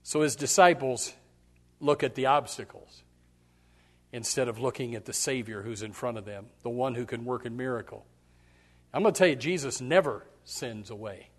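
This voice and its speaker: A man's voice: mid-range voice, normal speed. A male pastor preaching a sermon, emphatic and direct with the congregation, repeating his key phrases. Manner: speaks straight to the congregation.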